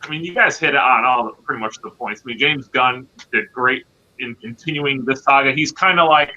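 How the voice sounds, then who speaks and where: A man's voice: medium pitch, fairly quick, bright, forceful tone. A man co-hosting a podcast, chatting casually about movies with many fillers and hesitations. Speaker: podcast co-host. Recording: lo-fi dull recording.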